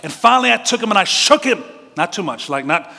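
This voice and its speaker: A man's voice: high-pitched, big pitch swings, fast, creaky, sharp tone, big-room sound. A male pastor preaching a sermon, telling stories animatedly with laughs and direct questions to the congregation. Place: church sanctuary.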